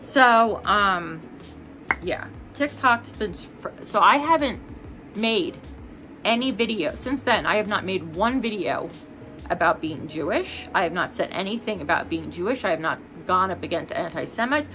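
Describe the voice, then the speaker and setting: A young woman talks straight to her followers in a casual get-ready-with-me video, angry and heated. She rants and swears freely in a voice of middle pitch. Faint music plays behind her. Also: expressive, unhurried. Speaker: vlogger.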